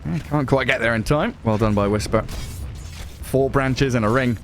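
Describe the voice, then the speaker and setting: A man with a Northern English accent calls an esports match in quick play-by-play. He is excitable and laughs easily, with his voice sitting at a middle pitch. Music plays clearly beneath him. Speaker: esports caster. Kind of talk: play-by-play commentary. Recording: music playing underneath.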